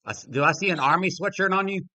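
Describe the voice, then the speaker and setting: A man's voice: high voice, quick pace, pushed and bright, no room sound. An older man hosting a casual live-stream talk show, easygoing and chuckling, loose with fillers. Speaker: podcast host taking callers.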